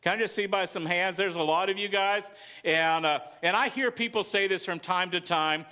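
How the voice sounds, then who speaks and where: A man's voice: sits high, moderate pace, sharp tone. A male pastor with a Southern US accent, preaching a conversational sermon to his congregation with frequent calls of "amen.". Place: church sanctuary.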